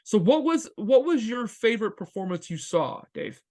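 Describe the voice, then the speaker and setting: A man co-hosting a podcast in casual chat, eager and quick to chime in with agreement. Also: high-pitched, sing-song, darkish tone. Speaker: podcast co-host.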